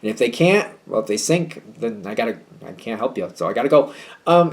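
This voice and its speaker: A man's voice: mid-range voice, sing-song, brisk. A man giving a casual tarot reading to his viewers, chatty and hedging, with a wry, slightly snippy tone. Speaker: tarot reader.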